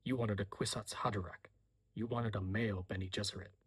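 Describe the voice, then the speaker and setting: Man doing a tormented, intense young man; whispered role-play, breathy and low. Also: steady tone, brisk. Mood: bitter. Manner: hushed, low and tense.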